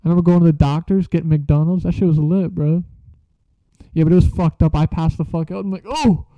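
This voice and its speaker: Speaking fast with fairly even intonation, a young man with a higher voice recounts something from school in slang and profanity, laughing as he talks. There's no echo, but the sound is dull and lo-fi.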